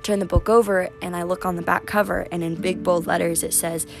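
A woman's voice: lowish voice, steady tone, brisk, creaky. A young adult woman hosting a faith-based podcast, chatting in a rambling way full of "like" and "um" as she tells personal stories. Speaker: podcast host. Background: music.

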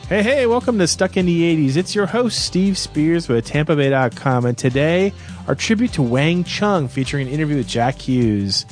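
A man hosting a casual podcast about music, explaining facts about a band in a relaxed, informative way. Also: a little high, normal speed. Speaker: host. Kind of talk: casual radio podcast chat.

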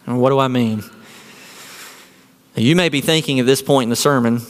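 A man's voice: mid-range voice, brisk, long pauses, in a large hall. A man preaching a sermon as a pastor, earnest and full of rhetorical questions.

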